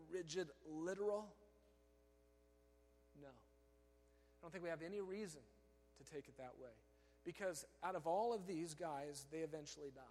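Male pastor, high voice, emphatic sermon delivery, loud bursts and quiet asides, long hall reverb. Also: a little hiss or hum. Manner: emphatic preaching, swinging from loud declarations to hushed asides.

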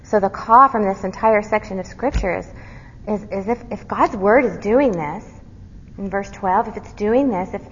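A woman giving verse-by-verse Bible teaching, earnest, quizzing her listeners and dropping to a soft, low voice on key words. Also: moderate pace, a little hiss or hum. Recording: dull recording with long hall reverb.

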